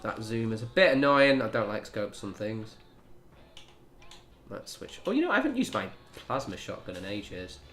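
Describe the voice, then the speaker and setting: A man's voice: lowish voice, big pitch swings, moderate pace, fairly bright tone, slight background noise. A young man chatting casually while he streams a game, rambling in asides to his viewers. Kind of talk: casual gameplay commentary.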